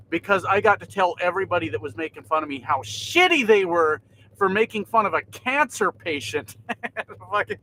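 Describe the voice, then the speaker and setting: A man talking loosely to his viewers from his truck cab, swearing freely and laughing often. His voice sits a little high and sounds bright and forward. Faint engine and road noise hums behind him. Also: rough recording. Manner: laid-back, swears often, laughs a lot. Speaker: trucker vlogger. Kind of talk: casual livestream chat.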